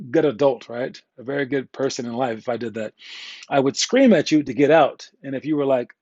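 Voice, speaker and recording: Husky-voiced joking basketball coach. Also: male voice, medium pitch, a little fast, a little mellow, no room sound, highs cut off. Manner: candid, joking, rambling, uses slang. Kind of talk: casual instructional talk.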